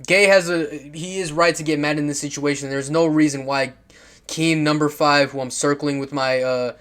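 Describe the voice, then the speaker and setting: A man with a slightly higher voice talks over football clips in a loose, rambling way. He swears freely, laughs at what he sees, and keeps restarting his sentences with fillers. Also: steady tone, normal speed, fairly bright tone, clear, resonant tone. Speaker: football commentary vlogger.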